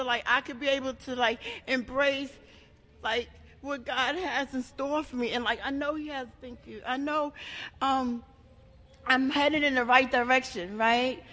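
A woman giving a raw, emotional personal share at a support meeting, talking in halting bursts with many restarts and plenty of swearing. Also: high voice, sharp tone. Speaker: member sharing at a support meeting. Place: meeting room. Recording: echoey hall.

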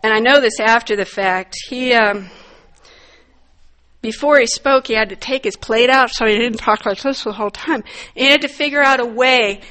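A middle-aged woman with a somewhat high voice gives a candid personal testimony. She is wry and plainspoken, and breaks into loud, emphatic bursts when she stresses a point. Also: normal speed. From northern United States. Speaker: recovery meeting speaker.

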